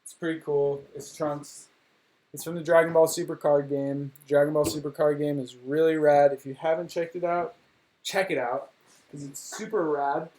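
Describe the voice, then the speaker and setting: A man's voice: a little high, fairly even intonation, moderate pace, a little mellow. A young man chatting casually on a livestream from home, rambling and joking at his own expense. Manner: rambling, joking, self-deprecating. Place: home room.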